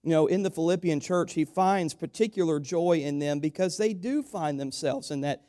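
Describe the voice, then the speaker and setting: A man's voice: a little high, normal speed, warm tone. A man preaching a sermon to his church, building to emphatic, repeated exhortations and calling his listeners "church".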